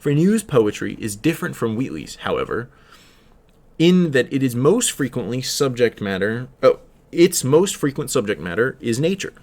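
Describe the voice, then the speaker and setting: Halting young man reading study notes. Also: mid-range voice, big pitch swings, a little mellow. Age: teens. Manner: halting, with frequent fillers and self-corrections; slow sing-song delivery on verse lines. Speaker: student reader. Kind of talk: reading aloud and explaining a study text.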